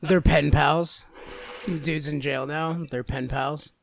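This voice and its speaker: A man co-hosting a comedy podcast, tossing in quick jokes and laughing often. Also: a little high, steady tone, creaky, crowd noise. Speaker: podcast co-host. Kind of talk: casual comedic chat.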